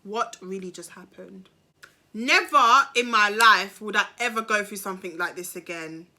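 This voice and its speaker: A woman vlogger telling a story in a lively, slangy way, acting out the people in it. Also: mid-range voice, normal speed. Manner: animated, slangy, acts out the people in her story. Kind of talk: storytime vlog.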